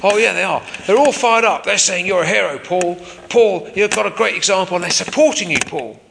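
A man's voice: high-pitched, a little fast, vocal fry, fairly bright tone, slight background noise, voice pushed up. A man voicing a curious, gossipy male Roman prison guard with a put-on accent. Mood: chatty.

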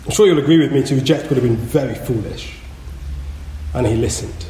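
A man preaching a sermon in a church, earnest and measured, leaning hard on key words. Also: mid-range voice, noisy background. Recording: echoey hall with long reverb.

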